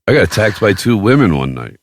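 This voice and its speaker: A man hosting a podcast, telling a story in casual chat with a profane, boastful, animated way of talking. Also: fairly low pitch, brisk, noisy background. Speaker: podcast host.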